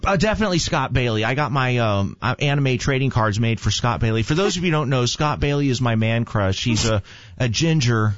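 A man's voice: mid-range voice, expressive, a little fast. A man chatting casually, telling rambling joking stories. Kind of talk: casual chat. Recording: dull lo-fi sound.

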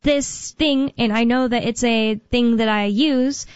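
A woman's voice: a little high, fairly even intonation, unhurried, clean tone, dry recording. A woman hosting a talk radio show, chatting casually and rambling with fillers and laughs. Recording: dull, dry studio sound.

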